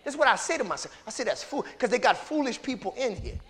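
A pastor with a notably high-pitched voice, preaching in a call-and-response style. He drops to low murmurs and builds to ringing shouts as he calls on the congregation to answer. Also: big pitch swings, fast, a little hiss or hum. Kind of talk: sermon.

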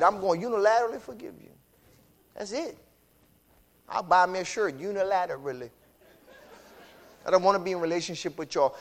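A male preacher giving a sermon in a colloquial, repetitive style that builds from quiet explanation to shouted exclamations. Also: high-pitched. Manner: colloquial, uses y'all.

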